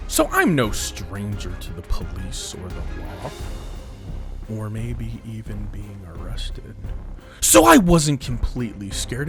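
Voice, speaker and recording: A man recounts a wild personal mishap for his vlog, his pitch swinging widely as he acts out what each person said. His voice sits in a middle register, with faint music playing under it. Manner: dramatic, quotes people in different voices. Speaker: YouTuber telling a story. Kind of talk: animated storytelling vlog.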